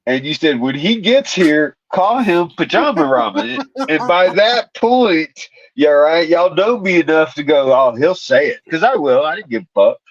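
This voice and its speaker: Higher-voiced man on dull, dry audio. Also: normal speed, few pauses. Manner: profane, animated, laughing. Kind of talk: casual storytelling chat.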